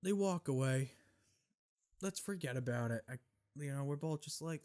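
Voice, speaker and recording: Profane, animated young man ranting. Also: medium pitch, moderate pace. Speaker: podcast host. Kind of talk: solo comedic storytelling rant.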